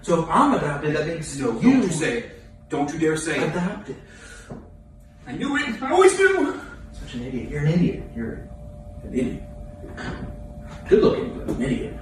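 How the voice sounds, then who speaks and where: A teasing twin brother, played by a man in a comedy sketch. His lively voice swings up and down. He sits far from the mic in a very echoey room. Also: on the high side, moderate pace, pauses often, faint music behind. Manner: playful, teasing banter.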